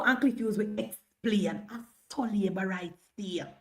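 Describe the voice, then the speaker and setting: A woman's voice: medium pitch, moderate pace. A Jamaican woman in her thirties giving impassioned political commentary on a livestream, slipping into patois as she talks. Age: 30s. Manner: impassioned, mixes patois into speech.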